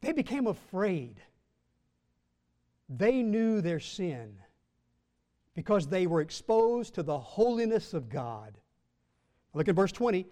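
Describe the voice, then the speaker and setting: A Baptist pastor teaching scripture to his church. His voice sits high for a man, and he takes his time. He leans hard on key words and stretches out the verses he reads. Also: big pitch swings, warm tone, big-room sound. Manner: measured, emphatic, slows and rises when reading scripture. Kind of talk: Bible teaching to a congregation.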